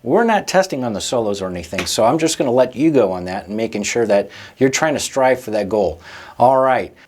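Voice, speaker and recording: A man's voice: medium pitch, lively intonation, fairly quick, darkish tone, a little hiss or hum. A man teaching a drum lesson in a patient, encouraging way, often checking in with the listener. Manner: casual, checks in with frequent "okay?" and "right?". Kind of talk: instructional explanation.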